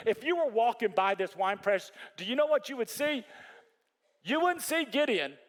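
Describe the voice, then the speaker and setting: A high-voiced man preaches from the pulpit. He tells the story with animated energy and pushes higher still whenever he wants a point to land. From Texas. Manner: animated storytelling, rising high when emphatic. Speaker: pastor. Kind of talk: sermon.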